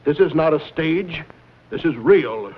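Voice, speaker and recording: A suave scheming villain. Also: male voice, fairly high pitch, expressive, unhurried, breathy edge. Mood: smooth menace. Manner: suave, formal, veiled threats. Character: smooth scheming male villain, menacing behind polite manners. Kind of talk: 1950s TV western drama. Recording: dull old TV soundtrack with faint hiss.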